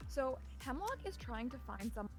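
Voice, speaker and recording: A woman player at a tabletop game chats in a casual, giggly way. Her voice is high and animated, rising and falling a lot. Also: moderate pace, soft background music.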